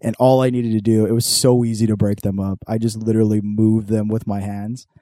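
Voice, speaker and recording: A man's voice: fairly low pitch, flat delivery, a little fast, warm tone, no room sound. A young man, hosting a podcast and telling a story in casual chat, swearing a lot and acting out the voices of people in it. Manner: laid-back storyteller, swears a lot, acts out quotes. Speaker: podcast host.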